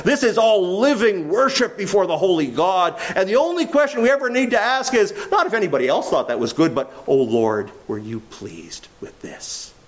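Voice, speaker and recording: Intense high-voiced male preacher. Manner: intense preaching, swinging from low and quiet to high and loud; drawn-out emphasis on key phrases. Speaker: pastor. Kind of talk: sermon.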